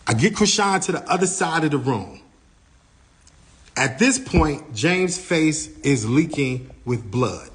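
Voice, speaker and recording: A man vlogging, casually retelling a backstage incident in an animated way and acting out what people said. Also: on the high side, slow. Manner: animated retelling, acts out quoted dialogue, many "like" fillers. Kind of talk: casual storytelling vlog.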